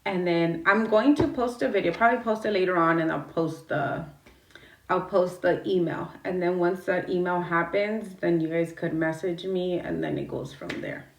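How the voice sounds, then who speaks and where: A woman's voice: on the low side, moderate pace, roomy sound, far from the mic. A woman livestreaming from her phone, talking bluntly and rambling, swearing and greeting her chat as she goes.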